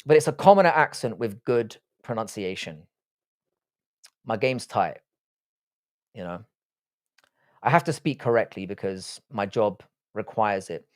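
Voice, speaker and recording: A man's voice: fairly low pitch, expressive, unhurried, pauses often. Profane Southwest London man hosting a stream. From England. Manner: profane, teasing banter. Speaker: live stream host. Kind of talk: casual live-stream chat reading comments.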